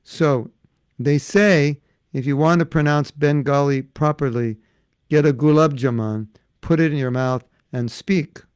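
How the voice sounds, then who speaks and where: A man's voice: a little high, measured pace, clear, resonant tone, dry recording. An older man giving an informal devotional class, chatting and answering questions from listeners. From United States. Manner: breaks into chanted prayers. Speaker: spiritual teacher.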